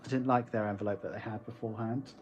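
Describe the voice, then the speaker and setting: A man's voice: lowish voice, steady tone, quick pace, highs cut off, noisy background. Chatty West Country man streaming live. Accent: West Country English. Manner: chatty, reads viewer comments aloud, laughs often. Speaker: online shop owner streaming live. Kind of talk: casual live-stream chat.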